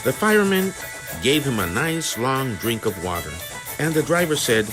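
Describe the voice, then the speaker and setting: A man narrating a children's train storybook in a slow, expressive reading. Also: medium pitch. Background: background music.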